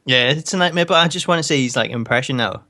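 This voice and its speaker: A man's voice: medium pitch, fast talker, pushed and bright. A man with a Geordie accent chatting easily on a casual podcast. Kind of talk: casual group chat.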